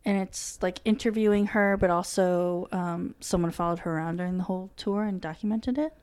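A woman's voice: on the low side, fairly quick, a little mellow, smooth. Young woman co-hosting a podcast, casual and chatty, lots of ums, cusses a bit. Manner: chatty, swears freely, many ums. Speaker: podcast co-host. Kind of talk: casual chat.

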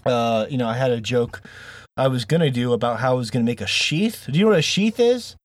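A man's voice: medium pitch, expressive, fast, no echo. A man hosting a gaming podcast in casual chat, joking, rambling and laughing often. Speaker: podcast host.

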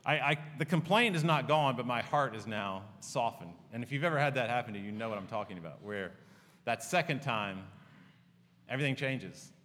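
Speaking fairly quickly and with animation, a man delivers a church sermon as pastor, weaving in personal stories in an earnest, conversational way. His medium-pitched voice is a bit bright, and a large hall's long reverb surrounds it.

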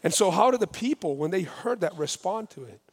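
A man preaching a sermon, lively and emphatic, acting out the dialogue of scripture with rising intensity. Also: sits high, brisk, breathy edge. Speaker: pastor. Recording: long hall reverb.

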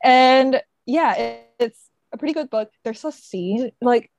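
A woman's voice: on the high side, measured pace, darkish tone, dry recording, highs cut off, soft background music. A woman podcast co-host retelling a book plot in casual chat, full of "like" and "sort of" fillers. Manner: chatty, frequent fillers like "sort of" and "like".

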